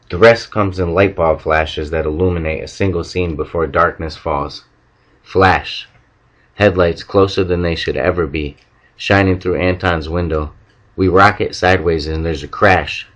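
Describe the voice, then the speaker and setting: Deep-voiced man reading a novel. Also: steady tone, unhurried, fairly bright tone. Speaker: audiobook reader. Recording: dull lo-fi recording.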